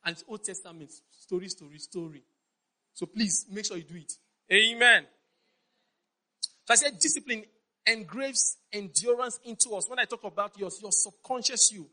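A middle-aged Nigerian pastor with a Nigerian accent preaches in a high, bright, forceful voice at normal speed, pausing often. His sermon is emphatic and repetitive, and he frequently checks that the congregation understands. The recording is rough.

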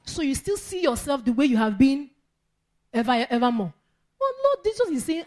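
A woman's voice: sits high, very animated, normal speed, a little mellow. Emphatic woman preaching. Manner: emphatic, repeats phrases, laughs between points. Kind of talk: sermon.

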